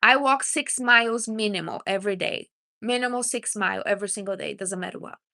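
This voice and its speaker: Bright-voiced woman giving blunt advice. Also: medium pitch, brisk. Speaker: livestream host. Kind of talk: casual livestream chat.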